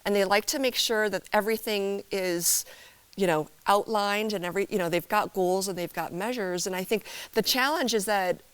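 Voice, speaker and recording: A woman's voice: mid-range voice, moderate pace, fairly bright tone, smooth, no room sound. A woman chef being interviewed on TV, giving advice in a thoughtful, encouraging way. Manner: encouraging, thoughtful, uses many fillers. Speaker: chef guest. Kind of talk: TV studio interview.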